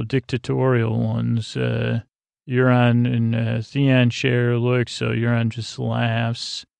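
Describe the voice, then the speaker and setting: A man drifts through a casual recap with plenty of hesitations and filler words. His voice is deeply gravelly and nearly monotone. It is recorded close up in a dead, dry room. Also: no echo. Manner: rambling, many uh fillers, flat drowsy delivery. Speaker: podcast host recapping a TV episode.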